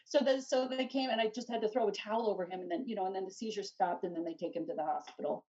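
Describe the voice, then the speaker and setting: A middle-aged woman telling her story in an interview, animated and rambling, full of restarts and "you know.". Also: medium pitch, fast, slightly rough. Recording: distant dull lo-fi mic.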